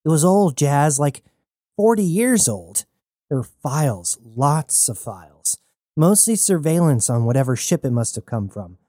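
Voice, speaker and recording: A man's voice: on the high side, very animated, dark tone, no room sound, clean studio sound. A man voicing a nervous young male rebel who talks anxiously and in a rush. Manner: anxious, stammering, rushed.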